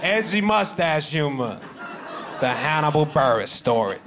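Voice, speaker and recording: A man performing a deadpan stand-up comedy set with a dry delivery. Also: on the high side, unhurried. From United States. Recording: live club recording with crowd noise.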